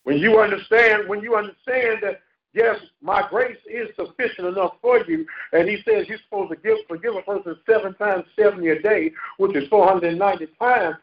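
A male pastor preaching a sermon with call-and-response, laughing at times and rising into shouts. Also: high-pitched, brisk. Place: church sanctuary. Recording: echoey church hall, lo-fi. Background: congregation responding.

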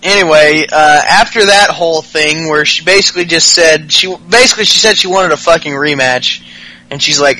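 A man's voice: on the high side, normal speed, pushed and bright, poor audio. A man hosting a podcast, recapping wrestling in casual, profane chat with frequent laughs. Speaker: podcast host.

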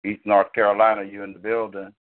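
Low-voiced man hosting over a phone line. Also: quick pace. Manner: relaxed, repeats phrases, slangy. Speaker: show host. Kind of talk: casual chat.

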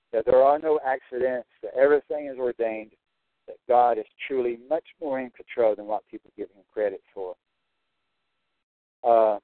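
A Christian prophecy broadcaster delivers an earnest, repetitive preaching monologue, hammering his points again and again. His medium-pitched voice comes through a tinny, phone-like line, and the recording is dry.

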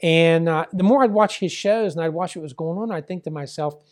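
A man's voice: on the high side, fairly quick. Chatty older man telling a long story. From Pittsburgh area. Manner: chatty, many fillers, acts out quoted dialogue. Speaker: guest, former wrestling promoter. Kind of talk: rambling storytelling.

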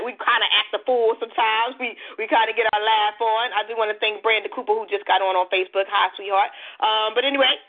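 Laughing radio host woman on a phone line. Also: on the high side. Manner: lively, joking, quick to laugh. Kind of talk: casual call-in radio chat.

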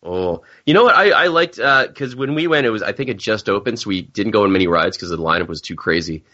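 Laid-back man with a lively, bright voice. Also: fairly low pitch, quick pace, lo-fi sound. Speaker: podcast co-host. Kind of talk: casual chat.

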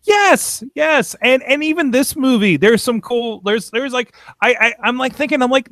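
Male podcast host, casual and excitable, lots of restarts; high voice, dry sound. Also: moderate pace, few pauses, no echo. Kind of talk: casual chat.

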